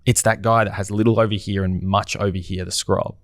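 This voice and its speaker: A man's voice: on the low side, flat delivery, fairly quick, dry recording, studio quality. A man speaking as a guest on a podcast, talking reflectively and posing rhetorical questions in a casual conversation.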